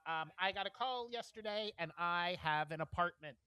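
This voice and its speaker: A man co-hosting a podcast, telling stories with lively acted-out quotes and frequent laughs. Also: high voice, moderate pace, very noisy. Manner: animated storyteller, acts out quotes, laughs often. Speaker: podcast co-host. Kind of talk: casual chat, storytelling.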